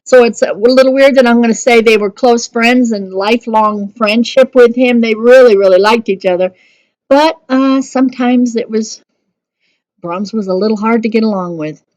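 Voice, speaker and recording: A woman teaching music history in a conversational way, often pausing and correcting herself. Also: fairly high pitch, a little mellow, dry recording. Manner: conversational, with fillers and self-corrections. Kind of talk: recorded music history lesson.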